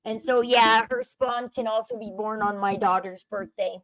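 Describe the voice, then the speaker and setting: A woman's voice: on the high side, steady tone, moderate pace, fairly bright tone, dry recording, poor audio. A woman hosting a casual livestream, giving opinions and chatting with viewers. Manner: chatty, opinionated, reads chat aloud. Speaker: livestream host. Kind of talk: casual commentary chat.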